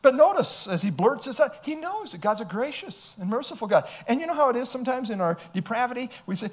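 A man's voice: very high voice, big pitch swings, quick pace, few pauses. A male pastor preaching an emphatic sermon, reading scripture aloud and asking rhetorical questions.

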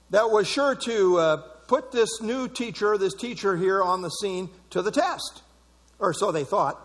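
A male preacher with a high voice delivers an emphatic sermon and repeats key words for stress. His voice rings with a long reverb in a large hall. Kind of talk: expository sermon.

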